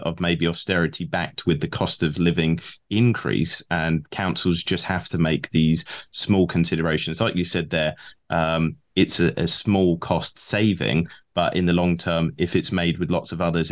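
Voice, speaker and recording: A male host from Enfield putting questions to his guest in a relaxed, conversational manner, hedging with fillers as he goes. His voice is very low-pitched. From Enfield, London. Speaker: podcast host. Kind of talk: interview questions.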